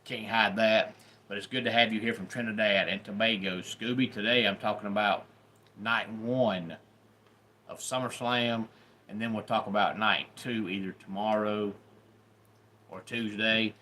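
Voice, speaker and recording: A Southern man in middle age hosts a relaxed live stream with a drawl and plenty of opinions. His voice sits on the lower side but carries a bright, forward edge, and a faint room ambience stays under his talk. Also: a little slow, slight background noise. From Deep South of the US. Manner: opinionated, chatty, greets viewers by name. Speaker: YouTube host. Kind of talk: casual livestream commentary.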